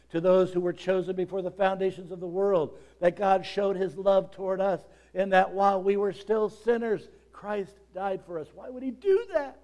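A man delivering a sermon in a voice pitched a little high. He reads scripture and then expounds on it. His delivery swings dramatically, sinking low and soft before climbing into shouted emphasis. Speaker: preacher.

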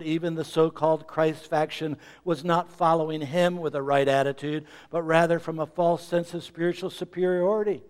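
A middle-aged man preaching a sermon as pastor, swinging between loud emphasis and quiet asides. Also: a little high, fairly even intonation, normal speed, few pauses, smooth.

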